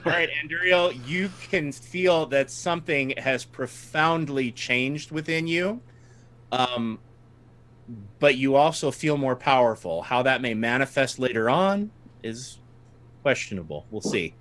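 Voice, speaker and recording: A man's voice: mid-range voice, lively intonation, unhurried, a bit bright. A man running a tabletop game as game master, narrating the scene to his players and laughing often.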